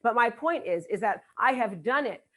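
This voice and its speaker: A woman's voice: on the high side, lively intonation, moderate pace, fairly bright tone. A middle-aged woman giving a motivational seminar talk as a business coach, emphatic and repeating her key lines for effect. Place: live event.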